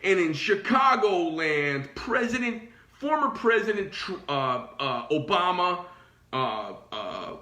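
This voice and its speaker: A man's voice: high voice, big pitch swings, takes it slowly, bright, forceful tone. A man who owns a knife company, telling a heated, profane story in a blunt ranting monologue. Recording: roomy echo.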